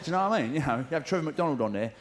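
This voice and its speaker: A man with a London accent doing a live stand-up routine in a theatre, cheeky and full of swearing, often shouting out mimicked voices. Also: fairly high pitch, lively intonation, racing. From England. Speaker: stand-up comedian. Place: large theatre stage with audience. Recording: theatre show taped with audience noise.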